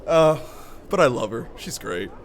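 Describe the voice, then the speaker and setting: A man's voice: fairly high pitch, sing-song, a little slow, a little hiss or hum. A young man streaming a game, chatting casually, swearing, laughing and drifting into tangents. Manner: laughing, profane, rambling. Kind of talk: casual gameplay commentary.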